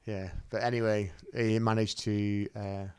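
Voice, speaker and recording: A man co-hosting a football podcast, telling a relaxed anecdote in casual chat. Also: fairly low pitch, a little slow, clean tone, no room sound. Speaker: podcast co-host.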